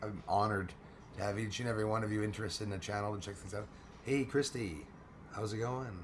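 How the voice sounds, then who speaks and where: A man with a hoarse, failing voice hosting a casual live stream, speaking quietly as he greets viewers. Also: fairly even intonation, brisk, slight background noise. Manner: speaks quietly and keeps it low. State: hoarse, losing his voice.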